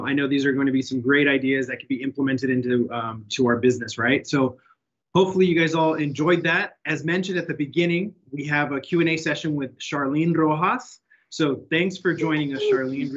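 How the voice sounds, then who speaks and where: A man's voice: medium pitch, brisk, slightly rough, muffled recording. A man hosting a corporate webinar in a friendly, loose way with many fillers. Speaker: host.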